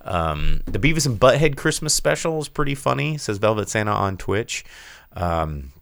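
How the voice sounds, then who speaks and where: A low-pitched man talks with big swings of pitch as he co-hosts a casual live stream. He reads out viewer chat and slips into goofy high cartoon voices. The sound is dry and close. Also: moderate pace, vocal fry, dry recording. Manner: animated, breaks into silly high cartoon voices. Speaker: podcast co-host reading Twitch chat.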